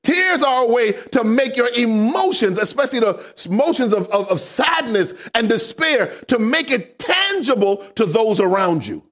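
Man, sermon, high voice, wide swooping pitch, emphatic shouting, rhetorical questions. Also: moderate pace, few pauses. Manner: animated preaching with call-and-response questions. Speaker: preacher.

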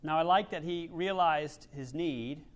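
A man preaching a sermon, swinging from loud emphasis to near-quiet asides and acting out quoted voices. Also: on the high side, a little slow. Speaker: pastor.

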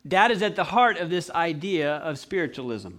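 A man's voice: a little high, normal speed. A man preaching a sermon, telling stories and acting out voices. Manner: animated storyteller acting out voices.

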